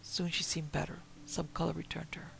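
Gravelly male audiobook narrator. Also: on the high side, flat delivery, a little fast, pushed and bright, a little hiss or hum, low-quality recording. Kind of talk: reading a Victorian story aloud.

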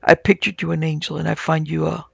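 A man's voice: on the high side, flat delivery, fast, creaky, husky, no echo, highs cut off, exaggerated voice. A man voicing a distraught young man haunted by grief and horror, gasping and anguished. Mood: despairing.

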